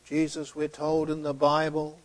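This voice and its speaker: A man preaching a sermon, retelling a story and acting out the dialogue, sometimes dropping to a hushed near-whisper. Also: on the high side, monotone, measured pace.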